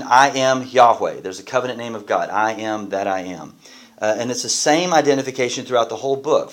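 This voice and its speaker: Pastor guy teaching bible study, kinda low voice, talks with the class, asks stuff a lot. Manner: conversational, asks the class questions.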